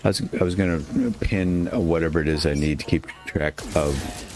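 Deep-voiced man chatting over gameplay. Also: steady tone, normal speed, a little mellow. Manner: chatty, self-mocking, talks to his character. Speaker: gaming channel host. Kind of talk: casual gameplay commentary. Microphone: headset.

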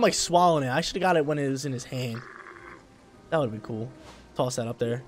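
A young man casually commenting while he plays a video game, laid-back and slangy, with sudden loud bursts of excitement. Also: mid-range voice, a little fast, pauses often, soft background music. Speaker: gameplay streamer.

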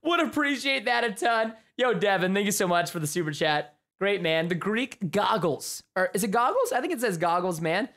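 A young man giving live gameplay commentary as a streamer, excitable and chatty, with bursts of yelling at the game. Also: sits high, moderate pace, few pauses. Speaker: gaming livestreamer.

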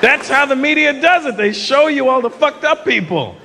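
Animated man doing stand-up before a roaring crowd. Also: extremely high pitch. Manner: animated, mocking, quick to slip into impressions. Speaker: stand-up comedian. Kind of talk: stand-up comedy set. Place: theater stage before a live audience. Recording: live show with loud crowd and noise. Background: loud audience laughter.

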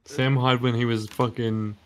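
A man's voice: medium pitch, level tone, moderate pace. A young man co-hosting a casual late-night podcast over a voice call, joking around, laughing often and swearing casually. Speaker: podcast co-host.

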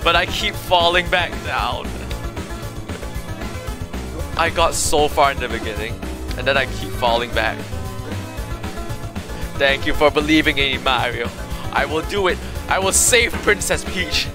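Speaking at a moderate pace in a slightly high voice, a young man casually chats with viewers while livestreaming a frustrating game. He rambles and groans as game music plays in the background.

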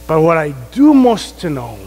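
A man with an African accent preaches a jovial sermon, laughing easily as he talks. His voice sits high for a man. It rings out with the long reverb of a large church sanctuary. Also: wildly swooping pitch, moderate pace, a little mellow. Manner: jovial, laughs often between remarks. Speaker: guest preacher. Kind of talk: sermon with prayer.

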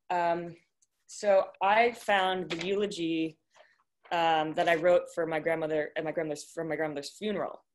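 A young woman with a lowish voice speaks over a video call from home. Her talk is halting and full of fillers, with an emotional catch as she recalls her grandmother and reads a eulogy. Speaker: granddaughter sharing memories. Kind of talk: casual remarks and reading a eulogy.

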